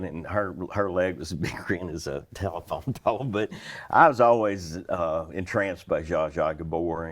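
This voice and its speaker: Brief: low-pitched Kentucky man in his sixties, chuckling folksy raconteur. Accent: Western Kentucky. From Western Kentucky, USA. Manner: chuckles through stories, animated and folksy. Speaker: interview guest, retired flight attendant. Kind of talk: anecdotal storytelling.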